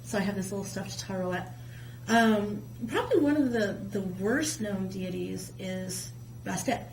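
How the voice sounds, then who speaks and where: A woman guest telling myths in casual, colloquial chat, with a lively storyteller's manner. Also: mid-range voice, a little slow. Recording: echoey room with faint hum.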